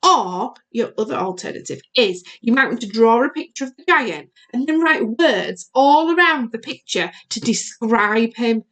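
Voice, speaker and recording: A primary school teacher recording a video lesson for young children, asking questions in a sing-song way. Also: female voice, fairly high pitch, animated, normal speed, few pauses, fairly bright tone.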